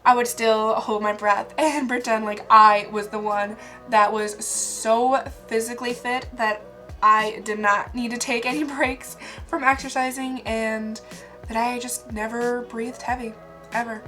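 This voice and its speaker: A woman's voice: on the high side, steady tone, unhurried, pushed and bright, soft background music. A young woman telling funny stories about herself in a casual vlog, chatty and laughing often. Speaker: vlogger. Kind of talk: casual storytelling to camera.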